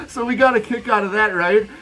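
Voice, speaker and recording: A man's voice: sits high, fairly bright tone, low-quality recording. A middle-aged man, rambling emphatically as he hosts a vinyl channel, laughing often. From Wisconsin, USA. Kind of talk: casual vlog chat to camera.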